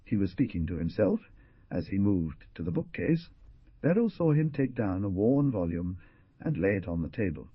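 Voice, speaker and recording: An expressive male narrator reads dramatically, his low, husky voice rising and falling a lot. The recording is dry and dull, with a lo-fi band. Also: normal speed, no echo. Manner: expressive, theatrical. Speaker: audiobook narrator.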